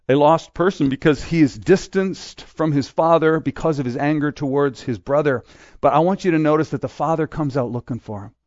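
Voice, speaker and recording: A man's voice: medium pitch, a little mellow, no echo, dull audio. A man preaching a sermon in a conversational way, acting out the voices he quotes. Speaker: pastor.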